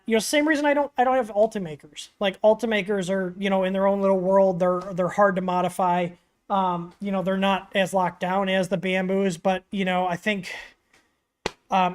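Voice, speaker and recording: A man's voice: high-pitched, clean tone. Rambling man hosting a casual livestream. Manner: rambling, filler-heavy, blunt opinions. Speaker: livestream host answering 3D printing questions.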